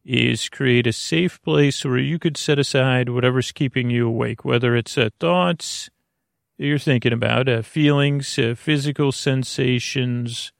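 A man's voice: medium pitch, steady tone, moderate pace, gravelly, dry recording, studio quality. A man hosting a bedtime podcast, talking in a meandering way that keeps stopping itself and drifting into goofy tangents. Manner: meandering, self-interrupting, goofy digressions. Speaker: podcast host. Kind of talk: rambling bedtime podcast monologue.

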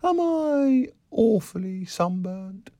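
A prim, dreamy young barmaid with a slow, ladylike drawl and a sigh in her manner, played by a male reader. Her lines sit high above his natural deep voice, recorded dry and close. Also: big pitch swings, dark tone, no echo, exaggerated voice. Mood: wistful. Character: wistful, genteel young barmaid.

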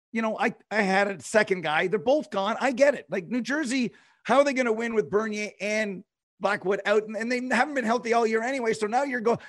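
High-voiced man, dry close sound. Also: a bit bright, dry recording. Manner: rambling, stop-start. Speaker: podcast co-host. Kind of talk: casual sports chat.

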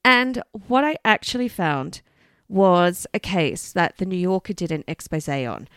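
A woman co-hosting a podcast, telling an animated story in casual chat, swearing and laughing freely. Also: lowish voice, measured pace, clean tone, no room sound. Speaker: podcast co-host.

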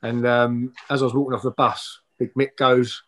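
A man, a former footballer, telling stories in a relaxed interview, with many fillers and often trailing off softly. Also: mid-range voice, brisk. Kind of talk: casual interview chat.

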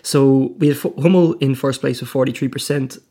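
Gravelly Irish man hosting a podcast. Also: medium pitch, fairly quick, mellow. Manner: joking, banters and reads out poll results. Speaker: podcast host. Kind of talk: casual podcast chat.

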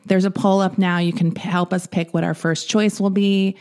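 A woman co-hosting a podcast in casual chat, rambling and giggly, her voice a little gruff from the morning. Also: on the low side, little pitch movement, normal speed, a little mellow. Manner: giggly, rambling, swears freely. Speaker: podcast co-host.

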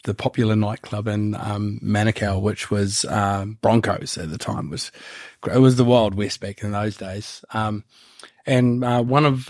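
A man with a New Zealand accent, a guest on a podcast, telling long rambling stories in a relaxed, casual way. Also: lowish voice, no echo, studio quality. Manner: rambling, laid-back, laughs while telling stories. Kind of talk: casual storytelling.

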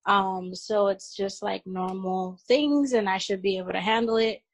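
A woman guest on a video call, thoughtfully sharing a personal account with many pauses. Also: mid-range voice, fairly even intonation, dry recording.

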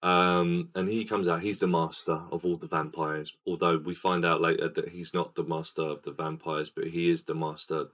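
A man's voice: low-pitched, little pitch movement, normal speed, hardly any pauses, fairly bright tone. A man hosting a casual film podcast, rambling and quizzical as he recaps a scene. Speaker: podcast host. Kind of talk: casual film-review chat.

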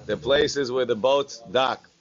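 A man's voice: mid-range voice, steady tone, slow pace, muffled recording. A man teaching a Talmud class, chanting the Aramaic text and then explaining it in plain English, with the odd joke to his students. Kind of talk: Talmud class, reading and translating.

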